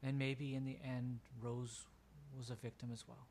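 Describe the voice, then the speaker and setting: A gentle elderly matriarch of a cave people, as a male game master puts her on, speaking softly and solemnly. The delivery stays flat and even, with little rise or fall. A faint background hiss sits under the voice. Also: medium pitch, normal speed, close to an everyday voice.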